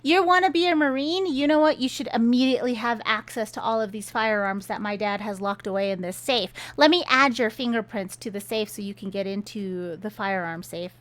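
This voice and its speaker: A woman's voice: fairly high pitch, brisk, hardly any pauses, natural voice. A woman voicing an overeager young woman who gushes and chatters. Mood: gushing.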